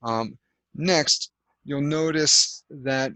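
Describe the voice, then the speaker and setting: A man's voice: on the high side, extremely slow, bright, forceful tone, dry recording, low-quality recording. A man teaching an English grammar lesson over a video call, explaining patiently step by step with lots of fillers. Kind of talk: online language lesson.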